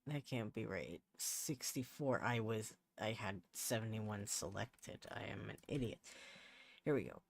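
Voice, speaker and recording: A man's voice: fairly low pitch, lively intonation, a little slow, vocal fry. A man streaming live, chatting casually while he works, often muttering to himself and restarting his sentences in exasperation. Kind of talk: casual livestream chat while working. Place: home setup.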